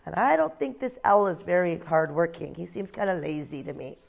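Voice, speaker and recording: A woman teacher leading a phonics lesson with young children and reading them a story in a slow, sing-song way. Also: fairly low pitch, animated, creaky. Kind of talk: phonics lesson and read-aloud.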